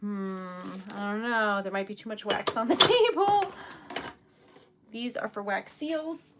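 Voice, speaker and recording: A woman's voice: a little high, lively intonation, a little slow, heavy background noise. A young woman hosting a casual livestream, chatty and giggly, often laughing and apologizing. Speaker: typewriter shop owner and stream host.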